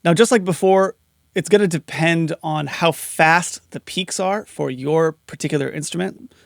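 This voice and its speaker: A man's voice: a little high, moderate pace, creaky, no room sound, clean studio sound. A man teaching audio compression in a casual, step-by-step tutorial, talking through each setting as he goes. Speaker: audio mixing instructor. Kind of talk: screen-recorded tutorial explanation.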